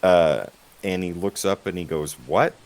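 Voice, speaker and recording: A man narrating as game master, relaxed and halting. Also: deep voice, rough recording.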